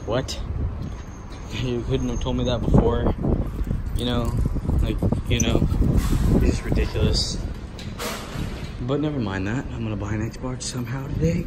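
A young man vlogging while out hunting for toys, rambling quickly and raising his voice over loud music in a big store. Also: medium pitch. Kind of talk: casual vlog chat. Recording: noisy store sound behind.

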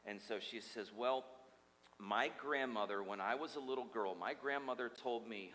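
Bright-voiced joking pastor in a hall. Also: male voice, medium pitch, normal speed. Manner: joking, storytelling, lively preacher. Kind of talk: sermon. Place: church sanctuary. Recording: long hall reverb.

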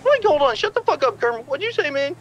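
A man in GTA roleplay with a high stoner drawl, cussing and calling everyone dude. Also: very animated, quick pace, dull audio, a little hiss or hum. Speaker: roleplay character on a phone call.

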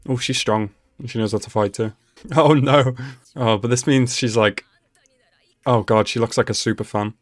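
Excitable man reacting to an episode. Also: medium pitch, moderate pace, no room sound, clean studio sound. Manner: excitable, laughs often, exclaims at the screen. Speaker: anime reaction channel host. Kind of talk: casual reaction commentary.

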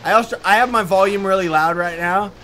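A man doing let's play commentary, loud and excitable, often yelling at enemies. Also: sits high, fairly quick, soft background music.

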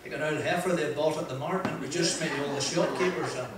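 A man's voice: fairly high pitch, fast, crowd noise. Northern Irish man telling stories in an echoey hall. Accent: Northern Irish, Ballymoney. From Northern Ireland. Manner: broad, lively anecdotal delivery, acting out dialogue. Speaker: motivational speaker. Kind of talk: humorous storytelling speech. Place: event venue with audience. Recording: echoey hall, distant mic, faint noise.

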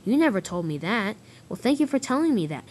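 A woman's voice: medium pitch, big pitch swings, a little fast, a little mellow, pitched above the performer's own voice. A woman voicing a curious, easily upset small male engine in a toy train story.

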